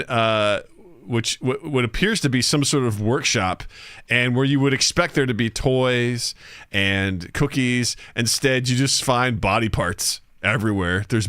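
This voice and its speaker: A man narrating a comedic tabletop game as game master, lively storytelling that bursts into shouted character voices. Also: medium pitch, smooth, dry recording, clean studio sound.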